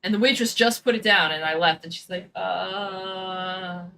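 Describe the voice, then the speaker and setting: Speaking slightly slowly in a mid-range voice that sounds pushed and bright, with fairly flat intonation, a female gaming streamer chats while she plays. She spins casual stories, voicing the quoted lines of the people in them, and throws in some swearing.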